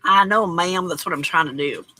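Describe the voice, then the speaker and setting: A woman hosts a cozy late-night crafting stream from her home craft room. Her voice is bright with a breathy, husky edge. She chats casually, welcomes viewers by name and pokes fun at herself. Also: on the low side, dry recording, low-quality recording. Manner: chatty, greets viewers by name, self-deprecating. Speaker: livestream craft host.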